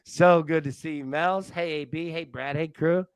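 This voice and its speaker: A man's voice: on the high side, fairly even intonation, moderate pace, clean tone, dry recording. A man hosting a live sports betting show, rambling and joking with frequent restarts. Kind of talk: casual live show chat. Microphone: studio mic on a live stream.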